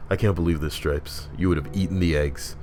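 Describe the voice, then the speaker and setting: A man's voice: sits low, fairly even intonation, brisk, a little mellow. A young man hosting his video channel, chatting loosely with a friend, swearing and putting on mock voices as he riffs. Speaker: YouTube host. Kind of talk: casual banter.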